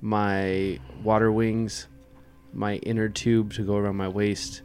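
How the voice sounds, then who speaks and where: A man's voice: on the low side, level tone, slow pace, a little mellow, soft background music. A man playing a tabletop role-playing game, talking in a playful way. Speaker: player.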